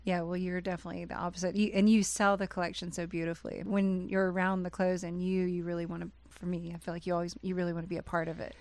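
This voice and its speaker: A woman hosting a casual interview, reacting and laughing often and asking quick follow-up questions. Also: on the low side, level tone, darkish tone, no room sound. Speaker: interview host.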